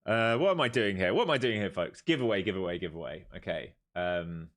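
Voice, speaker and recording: A man's voice: low voice, expressive, a little fast, hardly any pauses. A man hosting a live trading stream, giving jokey, repetitive commentary and urging his viewers on. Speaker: live stream host and trader.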